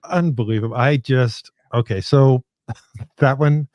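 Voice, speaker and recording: A man co-hosting a casual political chat podcast, emphatic and quick to laugh. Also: mid-range voice, no room sound, muffled recording. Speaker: podcast co-host.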